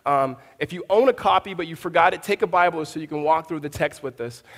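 This pastor's sermon comes across animated and quick, his voice on the high side and a bit bright, trailing a long reverb tail. He speaks in a conversational manner, restarting sentences often and slipping in storytelling asides.

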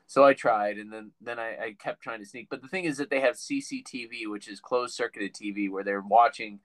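A man's voice: fairly low pitch, fairly even intonation, a little fast, hardly any pauses, no echo, low-quality recording. A man hosting a podcast, chatting casually and telling rambling stories that stop and restart. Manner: rambling, self-interrupting storyteller. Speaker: podcast host. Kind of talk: casual interview chat.

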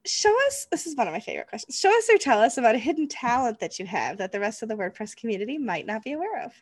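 A woman in her forties hosting a podcast interview, chatty and quick to laugh. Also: fairly high pitch, big pitch swings, breathy edge. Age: 40s. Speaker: podcast host. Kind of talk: casual interview chat.

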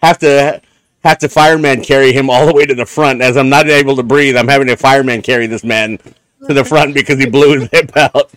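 A man's voice: mid-range voice, steady tone, brisk, a bit bright, clear, resonant tone, dry recording. A man co-hosting a podcast in casual banter, joking and rambling, laughing often. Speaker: podcast co-host.

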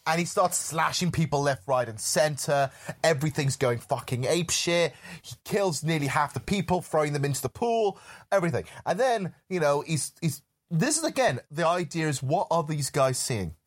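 Animated, rambling film podcast co-host. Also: medium pitch, moderate pace. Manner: animated and rambling, lots of "like" and "literally", swearing. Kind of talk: casual film discussion.

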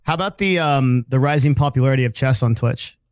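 A young man pitching topics on a casual podcast in a fast, chatty patter full of "like". His voice is mid-pitched and sounds dry and close, with no room around it. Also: no room sound. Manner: quick, chatty, filler-heavy.

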